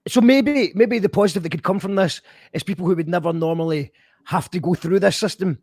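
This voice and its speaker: A man's voice: high voice, a little fast, darkish tone, dry recording, studio quality. A man hosting a casual live-stream chat, talking hesitantly with restarts. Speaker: radio show host.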